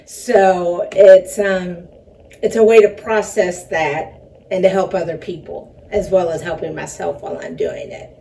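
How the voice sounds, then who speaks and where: A woman's voice: lowish voice, expressive, unhurried, vocal fry, warm tone. A woman talking about her film and one-woman show in a rambling, chatty way, with self-conscious laughs. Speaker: filmmaker and performer being interviewed. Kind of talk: casual interview talk. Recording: distant mic with faint background noise.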